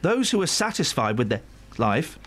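Brief: English man, breakfast radio presenter, fairly high voice, jokey and rambling. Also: very animated, moderate pace, a bit bright. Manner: jokey, rambling, reads stories with comic asides. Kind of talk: casual breakfast radio chat.

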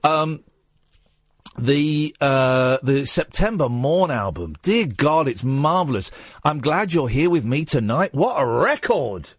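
A man hosts a late-night phone-in show, chatting loosely and poking fun at himself. His voice is a touch husky and swings widely in pitch, sometimes flicking up into a silly put-on squeak. The studio sound is close and dry. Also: animated, slow pace, no room sound. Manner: self-mocking, keeps slipping into a high silly put-on voice. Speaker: radio phone-in host. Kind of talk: rambling late-night radio chat. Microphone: studio microphone.

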